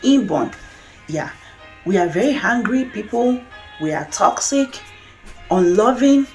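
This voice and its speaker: A woman's voice: a little high, expressive, a little slow, soft background music. A middle-aged woman from Nigeria with a Nigerian accent, talking candidly in a casual video monologue, laughing often. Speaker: vlogger.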